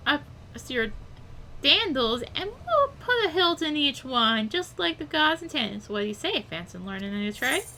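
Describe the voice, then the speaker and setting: A woman's voice: high-pitched, pushed and bright, slight background noise, full character voice. A woman voicing a sly, streetwise rogue recruiter who talks in cocky, teasing slang.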